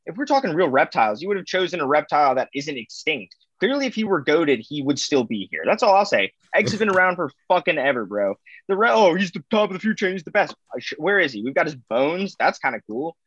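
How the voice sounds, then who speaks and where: A man's voice: on the high side, sing-song, fast, fairly bright tone, dry recording, highs cut off. A man in a comedic mock debate on a podcast, teasing and mocking his opponent's argument. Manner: teasing, mocking, laughs often.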